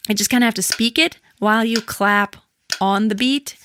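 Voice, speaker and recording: A woman's voice: fairly high pitch, lively intonation, normal speed, background noise. Woman singing teacher counting beats. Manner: counts and sings syllables to a metronome between explanations. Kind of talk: vocal lesson with sung demonstrations. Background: metronome clicks.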